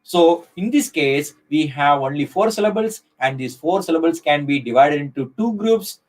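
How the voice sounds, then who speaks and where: A middle-aged man with an Indian English accent giving a live online lecture, speaking slowly and deliberately with many fillers and restarts. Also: fairly high pitch, animated, low-quality recording.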